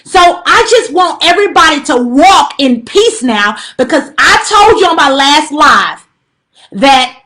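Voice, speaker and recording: Her voice is high, sing-song, bright and forceful, and measured in pace as this woman pleads emphatically on a phone live stream with a spiritual message. She addresses viewers directly, preachy and repetitive with her warnings and pleas, and her casual talk is full of slang and fillers.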